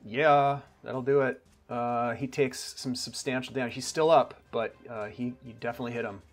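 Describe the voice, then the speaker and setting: A man's voice: mid-range voice, steady tone, normal speed, soft background music. A man running a tabletop game as game master, calling rolls and describing combat in an easygoing way.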